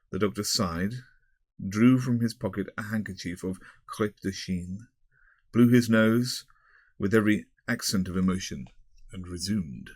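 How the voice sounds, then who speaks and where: A man reading an audiobook in a measured, even storytelling manner. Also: on the low side, no echo. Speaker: audiobook narrator. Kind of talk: audiobook narration.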